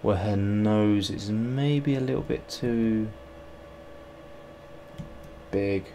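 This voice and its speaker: Male streamer, lower voice, rambling self-mocking live commentary while working, faint background noise. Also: very slow, warm tone. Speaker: sculptor streaming his work. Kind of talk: casual livestream chat while working.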